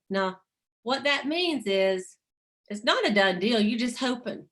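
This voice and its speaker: A woman's voice: medium pitch, animated, normal speed, fairly bright tone. Chatty woman leading a motivational call. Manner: chatty, laughs often, reads quotes aloud. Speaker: sales team leader.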